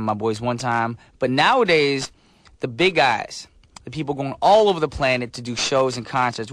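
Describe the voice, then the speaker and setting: Male radio host, casual and upbeat, studio mic, mid pitch. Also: fairly bright tone, dry recording. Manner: upbeat, chatty with fillers. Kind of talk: radio show hosting.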